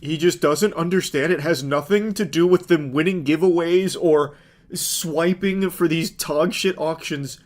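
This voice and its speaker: A man's voice: fairly high pitch, a little slow. A man giving sarcastic, incredulous comedic commentary on video clips.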